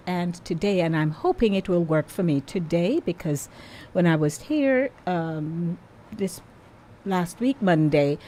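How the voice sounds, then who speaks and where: A woman's voice: sits low, darkish tone, slight background noise. A woman hosting a radio show, chatting playfully and talking straight to her listeners. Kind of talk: casual radio chat.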